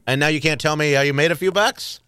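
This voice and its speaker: A man's voice: fairly high pitch, quick pace, pushed and bright, smooth, dry recording. Rambling man full of fillers. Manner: rambling, heavy use of fillers. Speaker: guest. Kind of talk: casual conversation.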